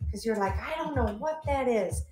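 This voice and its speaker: A chatty woman hosts a live clothing sale, calling out sizes and joking with viewers. Her voice sits a little high, and faint music plays behind her. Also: lively intonation, normal speed, warm tone. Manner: chatty, laughs often, calls out sizes to viewers. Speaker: live-stream seller host. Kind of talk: casual live-sale chat.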